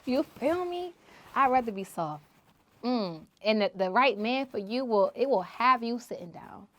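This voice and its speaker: A woman hosting her own podcast, preaching emphatically and repeating phrases, moving between loud exhortation and low asides. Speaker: podcast host. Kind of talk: solo podcast monologue.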